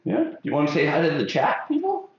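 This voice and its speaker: A man's voice: on the high side, huge pitch swings, quick pace. A man hosting a live haircutting stream, chatting and joking with many fillers as he works. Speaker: hairstylist host of a live haircutting show. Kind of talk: casual chat during a live stream. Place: hair salon classroom. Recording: very echoey room, dull sound.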